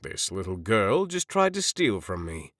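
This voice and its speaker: A man voicing a cold, menacing grown knight in an audiobook, speaking low, clipped and coldly polite. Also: very animated, measured pace, a bit bright, no echo, studio quality, heavily acted. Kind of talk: audiobook character voice.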